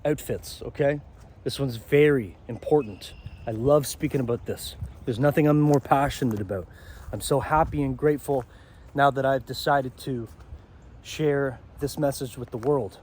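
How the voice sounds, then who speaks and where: Male self-help vlogger, mellow dark voice, rambling outdoor talk, faint background hiss. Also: mid-range voice, normal speed. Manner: rambling, asks "okay?" often. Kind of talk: walking outdoor vlog monologue. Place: outdoors beside a pond.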